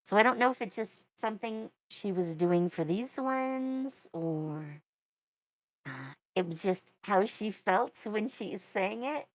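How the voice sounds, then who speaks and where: Unhurried woman reacting to music. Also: medium pitch, expressive, dry recording. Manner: wry, rambling asides. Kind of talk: casual reaction commentary.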